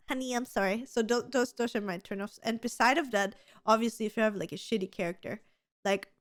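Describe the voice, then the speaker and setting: A woman's voice: on the high side, smooth, no echo, clean studio sound. Gushing, giggly woman in her thirties. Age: 30s. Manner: gushing, giggly and freely swearing. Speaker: podcast co-host. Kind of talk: casual chat.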